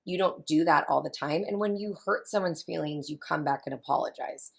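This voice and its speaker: A woman in her thirties with a low voice and a touch of vocal fry. She talks chattily and with emphasis, circling back to repeat her main points as a guest. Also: brisk. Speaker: family consultant guest. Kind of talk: casual interview talk.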